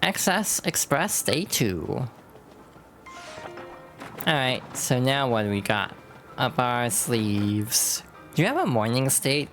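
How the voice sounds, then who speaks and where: A woman streamer chatting casually while playing, tossing in quick asides. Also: extremely low pitch, animated, faint music behind. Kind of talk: casual game commentary.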